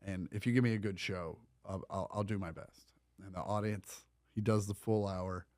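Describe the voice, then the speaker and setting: Laid-back man, low voice, comedian guest. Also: fairly even intonation, normal speed, a little mellow, no room sound, clean studio sound. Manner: laid-back storyteller, wry. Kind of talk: casual chat.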